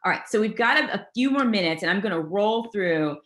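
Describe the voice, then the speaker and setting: A woman giving an energetic, motivational career webinar, speaking straight to her audience and wandering off on tangents. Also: mid-range voice, a little fast, roomy sound. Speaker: presenter of a career master class. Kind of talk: webinar talk.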